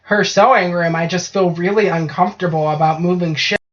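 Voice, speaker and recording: Her voice low-ish, steady, and brisk, this woman co-hosts a loose, jokey podcast chat full of swearing and tag questions like "right?". The recording sounds dull and lo-fi.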